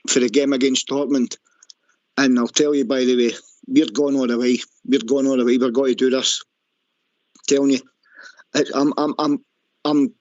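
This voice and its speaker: A Scottish man chatting excitedly on a fan radio show, repeating himself and calling everyone mate. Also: medium pitch, no echo. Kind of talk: emotional casual chat. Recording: dull dry remote line.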